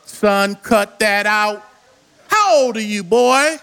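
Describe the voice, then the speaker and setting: Brief: a man playing a condescending old temple scholar, very high and piercing, scolding and incredulous. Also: expressive, takes it slowly, creaky, pushed and bright, smooth, heavily acted. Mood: exasperated. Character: skeptical older male temple scholars, condescending.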